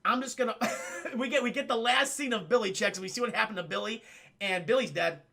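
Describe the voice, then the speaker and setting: Brief: male streamer, high voice, animated and profane, talking to chat. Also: brisk, creaky. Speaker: streamer and film reviewer. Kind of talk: casual livestream film recap.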